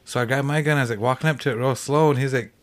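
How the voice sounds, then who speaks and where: A man's voice: mid-range voice, fairly even intonation. A man as a podcast guest, telling a hunting story in a rambling way, full of "like" fillers. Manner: fast rambling with many "like" fillers. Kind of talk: casual storytelling.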